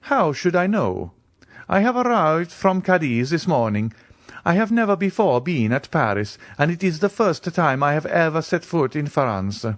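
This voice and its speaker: A man reading aloud as a nonchalant aristocrat, cool and commanding as he closes a purchase. The voice moves a lot in pitch, and the audiobook recording is dry and close. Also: normal speed, no echo. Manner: calm, offhand, commanding. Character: cool, wealthy nobleman buying a house.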